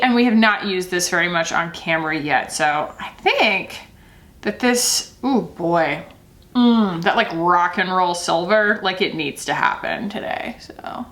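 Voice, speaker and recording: A woman's voice: medium pitch, a bit bright. A woman vlogger talking casually through a makeup tutorial, chatty and loose, often laughing. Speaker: beauty vlogger.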